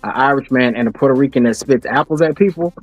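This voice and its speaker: Wry man telling a playful pitch. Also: fast, no room sound, muffled recording. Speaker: podcast co-host. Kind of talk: casual chat.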